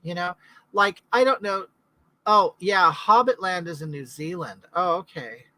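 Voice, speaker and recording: A woman's voice: fairly low pitch, a little slow, pushed and bright, no echo, poor audio. A middle-aged woman from California, hosting a casual live chat in a rambling way and answering viewers' comments. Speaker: livestream host.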